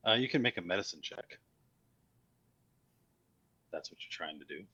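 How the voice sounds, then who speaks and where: A man narrating as dungeon master in a tabletop game, calm and low-key with frequent fillers. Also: normal speed, husky, no room sound, highs cut off.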